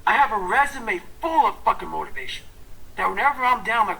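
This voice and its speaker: A man delivers a fierce motivational talk in a gravelly, raspy voice with a tense, forceful edge. He is blunt and profane, jumping from loud, punchy lines to hushed, intense whispers. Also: high voice, lively intonation, quick pace, poor audio. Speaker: motivational speaker.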